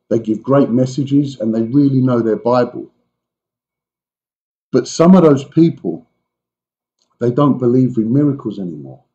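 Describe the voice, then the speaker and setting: A pastor gives a conversational sermon to his congregation, his voice warm and mellow. He speaks with animated asides to the people in front of him. The church recording sounds muffled and lo-fi. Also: mid-range voice.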